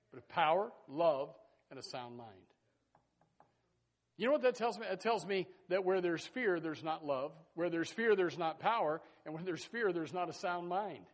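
Animated, high-pitched preacher man. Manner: animated, folksy preaching with sudden loud bursts. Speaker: pastor. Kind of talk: sermon.

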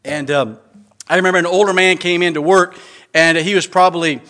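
A man's voice: high voice, steady tone, a little fast, pushed and bright. A middle-aged man preaching an earnest sermon as pastor, with frequent stammering restarts and emphatic rises.

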